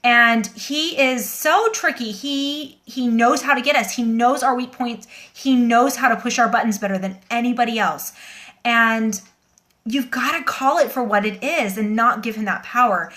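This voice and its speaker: Brief: woman, slightly high voice, shaken livestream host, rambling and earnest, phone mic. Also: moderate pace, a bit bright. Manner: earnest, rambling, with many fillers and restarts. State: shaken and emotional. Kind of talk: casual livestream talk to viewers.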